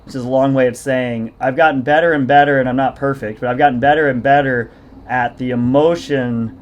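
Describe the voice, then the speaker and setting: A man's voice: mid-range voice, steady tone, fairly quick, highs cut off. A man hosting a podcast, a fitness coach telling long self-deprecating stories in casual conversation. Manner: rambling, self-deprecating storytelling.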